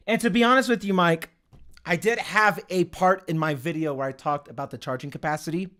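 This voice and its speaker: A man's voice: a little high, fairly bright tone. A young man hosting a casual livestream, rambling, swearing and chatting to viewers. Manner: rambling, swears, laughs often. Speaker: livestream host. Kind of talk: casual livestream chat reading the chat.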